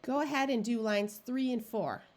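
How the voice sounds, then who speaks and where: A woman reading tutor giving a phonics lesson, sounding out practice words one at a time and explaining syllable rules. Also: fairly high pitch. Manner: slow, deliberate, clear word-by-word modeling.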